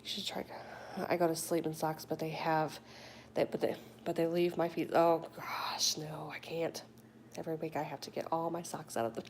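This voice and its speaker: A woman's voice: sits low, moderate pace, a little hiss or hum. Chatty middle-aged woman live-streaming on her phone. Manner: chatty and animated, with whispered asides. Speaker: livestreamer reading viewer chat. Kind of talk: casual live chat. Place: home in a warm state.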